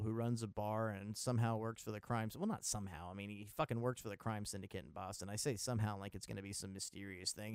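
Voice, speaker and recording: A man's voice: mid-range voice, smooth, dry recording, clean studio sound. A man from Maryland hosting a casual movie podcast, rambling, sarcastic and profane. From Maryland, USA. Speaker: podcast host.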